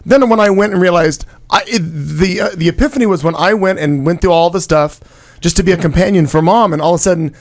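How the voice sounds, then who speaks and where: Male co-host, quick and teasing, brisk delivery. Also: high-pitched, darkish tone. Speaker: podcast co-host. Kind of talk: casual chat.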